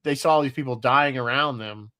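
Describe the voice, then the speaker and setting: A man's voice: mid-range voice, normal speed, sharp tone, no room sound. A man co-hosting a casual podcast chat, talking loosely, laughing often and restarting his sentences. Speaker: podcast co-host.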